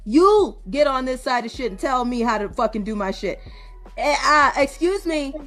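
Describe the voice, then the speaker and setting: A woman's voice: high-pitched, expressive, moderate pace, a bit bright, faint music behind. A woman ranting at her critics in a profane, confrontational way. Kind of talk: heated livestream rant.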